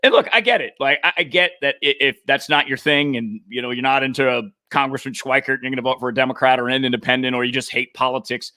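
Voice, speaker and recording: A man's voice: mid-range voice, fast, few pauses, bright, forceful tone, no room sound, clean studio sound. A man in his forties co-hosting a casual show, telling a story and acting out the quotes, laughing easily. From Arizona. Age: 40s. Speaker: podcast co-host.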